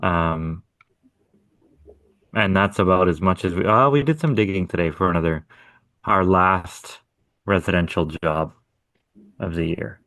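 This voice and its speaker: A man's voice: low-pitched, a little slow, long pauses, fairly bright tone, dry recording. A man co-hosting a podcast, telling stories about his contracting work in a laid-back, profane way. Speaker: podcast co-host, hardscape contractor. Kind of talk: casual chat.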